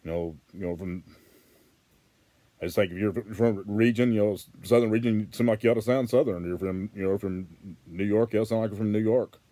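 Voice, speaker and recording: A man's voice: on the low side, fairly even intonation, brisk, dark tone. A man with a Western Arkansas accent, talking casually to camera in a rambling, plainspoken way that repeats and restarts. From Arkansas, USA. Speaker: vlogger.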